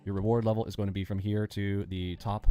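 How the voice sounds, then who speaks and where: A fast-talking man leads a live trading lesson in a low, dark-toned voice. He gets animated and throws in sound effects as he explains. Faint music plays underneath. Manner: animated, acts out panicking traders with sound effects. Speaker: day trading instructor and host.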